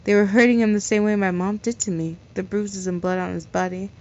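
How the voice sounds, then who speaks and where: A woman's voice: mid-range voice, fairly even intonation, fairly quick, a little mellow. A woman reading a fan fiction story aloud in a casual way, stumbling over words and correcting herself. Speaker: story reader. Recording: slightly dull lo-fi recording.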